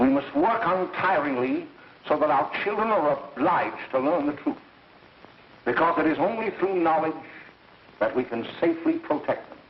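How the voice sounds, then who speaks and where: A preachy grave lecturer, old film sound. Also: male voice, on the high side, vocal fry. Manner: solemn, preachy, pointing at listeners. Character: stern older male lecturer, preachy and grave. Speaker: lecturer warning parents. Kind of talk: 1930s film acting. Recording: echoey, dull, hissy 1930s film sound.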